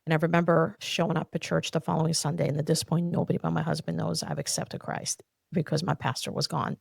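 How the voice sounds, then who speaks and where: A woman's voice: low voice, little pitch movement, quick pace, vocal fry, slightly rough, dry recording, clean studio sound. A woman from the Soviet Union telling her faith story as a podcast guest, earnest and heartfelt. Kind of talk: personal faith testimony.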